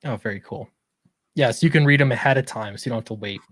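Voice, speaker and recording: A man's voice: medium pitch, quick pace. A man from Utah hosting a stream, chatting casually and often trailing off unsure of himself. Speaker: stream host. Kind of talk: casual chat.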